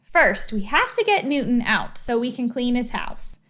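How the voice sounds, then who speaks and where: A woman's voice: on the high side, very animated, normal speed, fairly bright tone. A woman voicing a bossy, confident young girl who talks in a breezy, teasing way.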